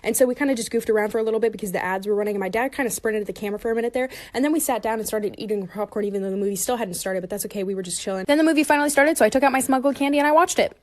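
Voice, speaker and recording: A woman narrates her trip in a rambling vlog voice-over. She talks extremely fast, and her voice sits a little high. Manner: rapid, rambling storytelling.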